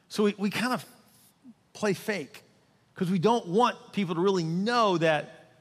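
In a church sanctuary with a long reverb tail, a male pastor preaches in a conversational, humorous way, often putting questions to the congregation. His voice sits high and sounds a bit bright.

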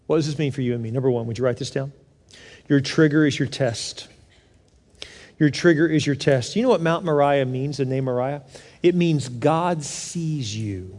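A man preaching a sermon in a conversational way, rising to loud pleading and dropping to soft reassurance. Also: a little high. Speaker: pastor. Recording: long reverb of a large hall.

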